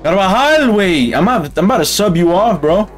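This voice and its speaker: A man commentating on his own football game matches, excitable and yelling at the screen. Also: high-pitched, fairly quick, soft background music. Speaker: gaming channel host. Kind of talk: gaming commentary.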